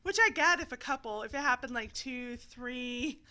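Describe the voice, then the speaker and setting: A woman's voice: a little high, normal speed, smooth. A woman co-hosting a casual chat, telling stories with lots of laughs and animation. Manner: giggly, animated storytelling. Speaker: podcast co-host.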